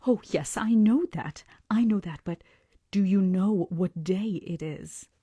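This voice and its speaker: A woman's voice: mid-range voice, measured pace, warm tone, husky, no echo. A woman reading a book aloud and voicing a hysterical elderly peasant woman who pleads and repeats herself. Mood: pleading. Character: frantic elderly peasant woman, innkeeper's wife.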